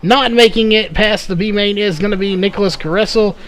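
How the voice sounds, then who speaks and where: A man calling a live race play-by-play, slightly hoarse from losing his voice, with frequent "uh" fillers. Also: high voice, a little fast, fairly bright tone. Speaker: race commentator.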